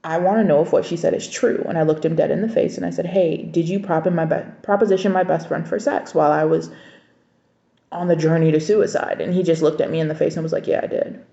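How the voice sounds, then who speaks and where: Candid woman with a gravelly low voice. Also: steady tone, fast talker, dark tone. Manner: candid, conversational, recounting dialogue. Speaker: vlogger. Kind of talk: personal storytelling vlog. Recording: echoey room, dull lo-fi sound.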